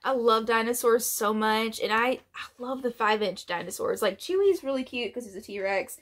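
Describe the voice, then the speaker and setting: High-voiced, gushing woman vlogger. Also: moderate pace. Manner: gushing, excited, laughs often. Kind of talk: casual unboxing vlog.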